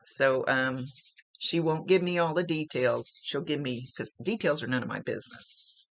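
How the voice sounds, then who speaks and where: A woman's voice: rumbling low, moderate pace, no echo. A woman working as a psychic medium, talking through a spiritual reading in a rambling, casual way, often searching for words.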